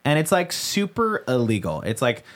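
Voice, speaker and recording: A man's voice: medium pitch, huge pitch swings, moderate pace. A young man co-hosting a podcast, telling a rambling story in casual chat and filling every phrase with "like". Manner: rambling storyteller, heavy use of filler "like". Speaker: podcast co-host.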